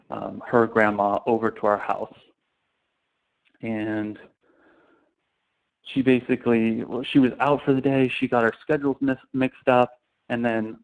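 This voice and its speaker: Man telling sales stories, tinny sound. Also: mid-range voice. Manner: casual, animated anecdote-telling. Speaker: sales trainer. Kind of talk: storytelling talk.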